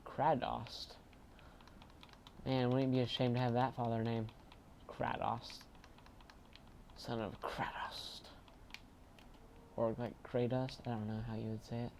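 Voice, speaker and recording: A man casually commentating his own video game play, chatty and bursting into excited shouts. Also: mid-range voice, moderate pace, slight background noise. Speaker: gaming channel host.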